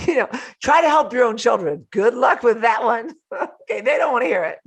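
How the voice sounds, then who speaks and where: Animated laughing woman giving motivational talk. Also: on the high side, normal speed, slightly rough. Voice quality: animated, laughs often, playful asides. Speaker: host. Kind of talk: live-streamed motivational talk. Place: home.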